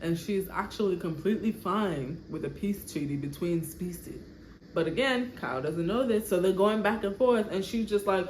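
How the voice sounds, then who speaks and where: A woman vlogger narrates her game saga in a casual, animated way and laughs often. Her pitch sits in the middle. The recording sounds roomy and has a faint background hiss. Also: normal speed. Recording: echoey room, faint background noise.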